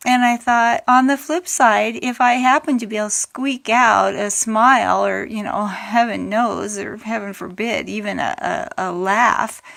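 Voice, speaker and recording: A woman's voice: mid-range voice, steady tone, measured pace, vocal fry, few pauses, fairly bright tone. Earnest middle-aged woman speaking from the heart. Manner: earnest, heartfelt, many restarts and fillers. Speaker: widow sharing her grief experience. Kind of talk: personal talk to camera.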